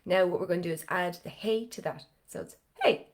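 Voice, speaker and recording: Woman, vocal coach, a touch low and slightly strained, chatty step-by-step cues for a live online class. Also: fast. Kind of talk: live online singing lesson.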